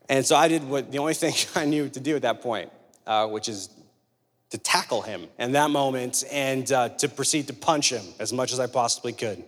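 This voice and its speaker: A man's voice: mid-range voice, normal speed. A man preaching a sermon in a conversational way, asking rhetorical questions and telling humorous stories. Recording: long hall reverb.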